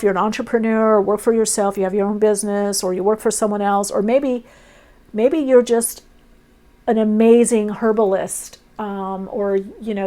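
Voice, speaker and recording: A woman's voice: mid-range voice, a little mellow. A woman doing an intuitive tarot reading, musing aloud in short, dreamy phrases. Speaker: tarot reader. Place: indoors, off camera.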